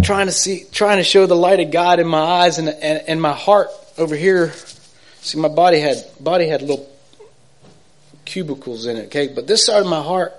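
An earnest man with a slightly high voice tells his own faith story. He rambles and restarts, checks in with his listeners, and moves between soft, hushed passages and loud, excited bursts. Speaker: speaker giving a personal faith testimony. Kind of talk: personal testimony storytelling.

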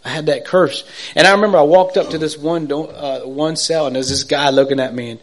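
An earnest man with a slightly high voice tells his own faith story. He rambles and restarts, checks in with his listeners, and moves between soft, hushed passages and loud, excited bursts. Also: fairly quick. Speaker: speaker giving a personal faith testimony. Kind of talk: personal testimony storytelling.

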